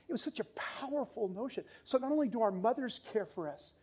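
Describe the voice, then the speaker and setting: An older male pastor in his sixties preaches an earnest, heartfelt sermon, his voice pitched high with a husky edge. He tells stories with pauses, and the recording sounds muffled and dull. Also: animated, mellow.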